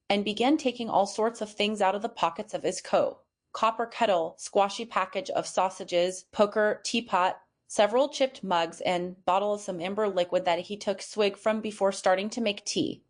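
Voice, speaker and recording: A woman narrating an audiobook in a steady reading voice, with small fillers slipping in. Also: mid-range voice, moderate pace. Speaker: audiobook reader.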